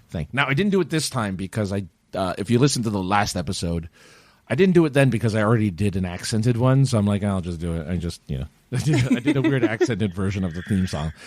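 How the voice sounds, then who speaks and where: Give me a low-voiced man rambling with big swings in pitch. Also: a little mellow, no room sound. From United States. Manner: rambling, jokey, with quick put-on voices. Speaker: podcast co-host. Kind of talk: casual chat.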